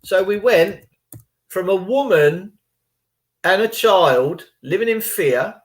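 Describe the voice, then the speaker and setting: A man's voice: high voice, expressive, slow pace. A man hosting his own channel, chatting casually and rambling as he retells stories and reacts to videos. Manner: chatty, rambling, retells phone calls in reported speech. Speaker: channel host. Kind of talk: casual chat.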